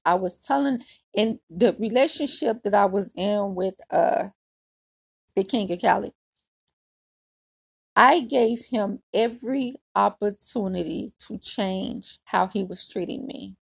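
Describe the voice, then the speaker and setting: A woman's voice: mid-range voice, vocal fry, darkish tone, husky. A woman hosting her own podcast, telling a personal story in a blunt, nonchalant, profane way. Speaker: podcast host. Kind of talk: casual storytelling monologue.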